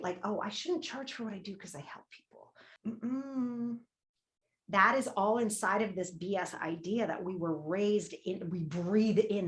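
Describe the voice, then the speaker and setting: A woman leading a money-mindset workshop, candid and emphatic, swearing casually and repeating a prompting question. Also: mid-range voice. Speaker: workshop leader. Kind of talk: motivational workshop talk.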